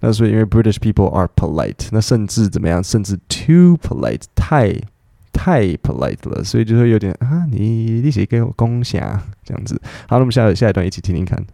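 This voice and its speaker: Host for an English lesson show: man, low, dark voice, explains phrases with lively acted-out quotes. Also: quick pace, creaky, hardly any pauses, no room sound, studio quality. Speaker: podcast host teaching English.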